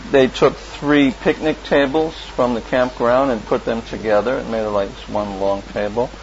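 A man recalls his past in a casual spoken memoir, rambling with many fillers and restarts and chuckling often. His voice is medium-pitched and steady, at a moderate pace. The lo-fi recording has a little hiss or hum and clear background ambience.

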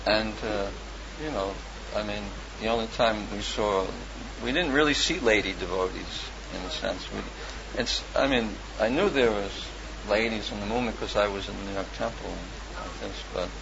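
A man with a somewhat low voice recounts his past in a loose, meandering way, stopping for fillers and restarting his sentences. The recording sounds dull and lo-fi, with steady ambient noise clearly behind him. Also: normal speed. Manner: rambling, many fillers and restarts, chuckles often. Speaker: storyteller recalling his past. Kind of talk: casual spoken memoir.

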